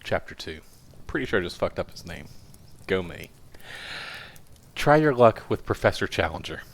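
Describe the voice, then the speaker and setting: A man's voice: sits low, very animated, normal speed, gravelly. A man doing a casual live-stream reading of a novel, with self-deprecating, profane asides. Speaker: audiobook reader, streamer.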